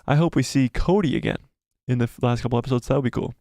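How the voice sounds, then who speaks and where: A man's voice: mid-range voice, rapid-fire, no room sound, clean studio sound. Giddy man hosting a live stream. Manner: giddy, jokey, repeats himself excitedly. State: losing his voice. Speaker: livestream host. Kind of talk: casual live stream chat.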